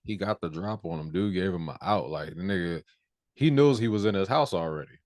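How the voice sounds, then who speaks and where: A man with a very deep, low voice co-hosts a casual TV review podcast. He argues his points emphatically and talks in loose, profane slang. The recording is dry and close, with no room echo. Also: lively intonation, a little fast, darkish tone. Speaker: podcast co-host.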